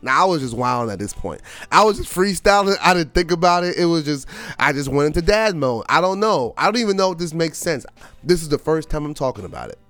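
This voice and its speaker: A man's voice: a little high, fast, no echo, soft background music. A man hosting a podcast, telling a family story in a chatty, casual way with lots of fillers. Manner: animated and chatty, full of fillers. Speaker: podcast host.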